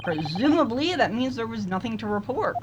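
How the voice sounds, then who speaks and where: A woman's voice: on the high side, very animated, a little fast, highs cut off, noisy background. A woman playing a story game, reading lines and joking in casual chat. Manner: playful and joking, with giggles and trailing asides. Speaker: game player. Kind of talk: casual let's-play chat and reading dialogue.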